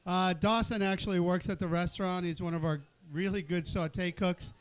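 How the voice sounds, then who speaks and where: A man's voice: high-pitched, steady tone, normal speed, smooth. A man hosting a live cooking event, joking and bantering with the crowd and the teams in a casual, rambling way. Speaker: event host. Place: event hall with an audience.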